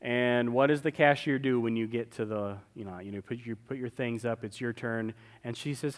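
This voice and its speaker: A man's voice: medium pitch, normal speed. A man in his forties giving a conversational sermon in a large church, often checking in with the congregation and acting out quoted voices. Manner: conversational, keeps asking "right?", acts out quoted voices. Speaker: pastor.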